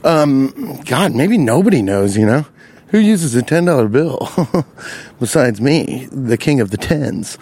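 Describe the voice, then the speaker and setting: Walking beside a lake outdoors, a man tells a rambling comic story with a profane, animated delivery, breaking into loud high-pitched asides. He keeps a measured pace, and his voice has a breathy edge.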